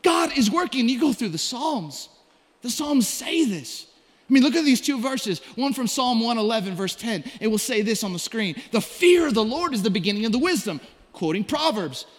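A male pastor preaching a sermon and telling stories, dropping to a hush and then rising to loud cries. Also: very high-pitched, lively intonation, a little fast. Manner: storytelling preacher, swings from hushed to shouted. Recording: long hall reverb.

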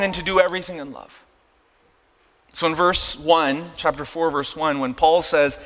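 A male pastor preaches a sermon in a conversational manner, regularly checking in with listeners and asking "right?" again and again. His voice is high with a fairly bright tone, and a long hall reverb trails his words.

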